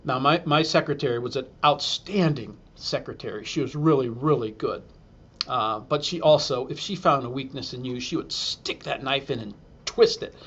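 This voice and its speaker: A man's voice: medium pitch, normal speed, fairly bright tone, breathy edge, highs cut off. A man, a school superintendent, telling a humorous self-deprecating story to an audience and acting out the quotes.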